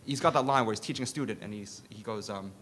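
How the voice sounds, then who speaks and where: Low guy on a conference panel, pushy rhetorical questions, faint rumble behind. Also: quick pace, a bit bright. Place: conference session room.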